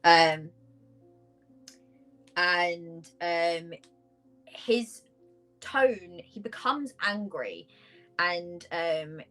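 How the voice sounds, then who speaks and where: Slow halting woman game master. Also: lowish voice, lively intonation, fairly bright tone, poor audio. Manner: slow, halting, many fillers. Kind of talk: narrating a tabletop game. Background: faint background music.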